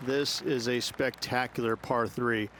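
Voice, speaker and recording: An actor playing a measured male golf analyst, giving a scripted preview of a hole in a golf video game. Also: mid-range voice, fairly even intonation, a crowd in the background, close to an everyday voice. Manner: measured, explanatory. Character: calm adult male golf course analyst.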